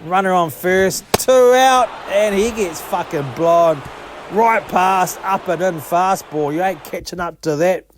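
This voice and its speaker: Man, high voice, mock play-by-play game commentary, excitable and sweary, noisy background. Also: unhurried. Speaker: gaming channel host.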